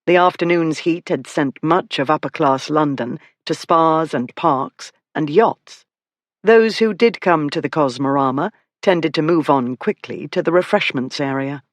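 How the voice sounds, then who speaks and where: An audiobook narrator reading a historical romance in measured, expressive scripted narration. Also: mid-range voice, no echo, clean studio sound.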